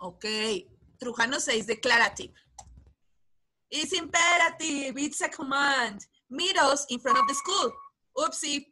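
Bright, high-voiced teacher running a class quiz over a video call, encouraging and brisk. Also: female voice, animated, a little hiss or hum. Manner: encouraging, calls on pupils by name. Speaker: English teacher. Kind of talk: online class quiz game.

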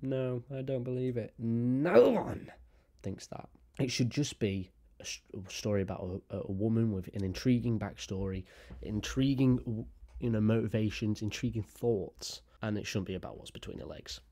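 A man's voice: lowish voice, lively intonation, normal speed, vocal fry, mellow. A young man talking casually about video games, rambling with lots of fillers and frequent swearing. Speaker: gaming YouTuber. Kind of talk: casual chat to camera.

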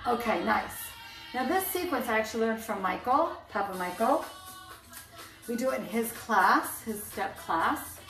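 A woman's voice: fairly high pitch, expressive, a little slow, fairly bright tone, far from the mic. A woman fitness instructor leading a band workout, counting down reps with upbeat cues and chatty asides. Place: indoor room, filmed alone. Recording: echoey room, off-mic, faint music.

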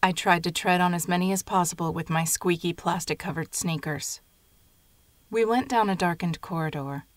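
A woman reading a literary short story aloud in a steady, measured way. Her voice is on the low side and sounds close and dry, with no room around it. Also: no echo. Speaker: narrator. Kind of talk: scripted narration of a short story.

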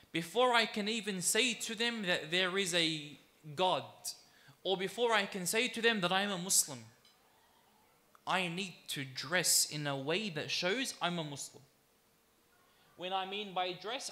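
A man preaching in a high, bright voice. He leans on repetition and slows down to hammer home his key phrases. He speaks to the congregation as brothers and sisters. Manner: emphatic, with deliberate repetition; addresses the audience as brothers and sisters. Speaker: sheikh giving a religious talk. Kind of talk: sermon.

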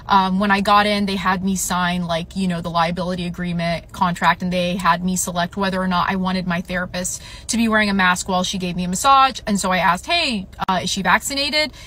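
Young woman, storytime vlog, shaken and talky, lots of filler words, bright, forceful tone. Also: on the low side, steady tone, a little fast, hardly any pauses. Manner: upset, telling a personal story with many "like" fillers.

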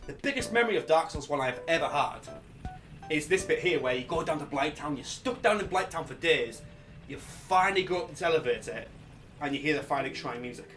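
A young man giving loud, excitable, swear-filled gameplay commentary, shouting often. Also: fairly high pitch, a little fast, far from the mic, faint music behind. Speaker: gaming YouTuber.

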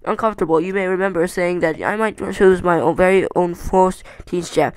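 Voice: mid-range voice, brisk, clean tone, no echo, natural voice. A small fussy hobbit, nervous and indignant, tripping over his own words, as a home reader puts him on. He restarts phrases often.

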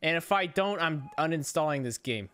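A man streaming a racing game, commenting excitedly, swearing and yelling at rival drivers. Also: on the high side, normal speed, slight background noise. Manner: excitable, profane, yells at rivals. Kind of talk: gameplay commentary.

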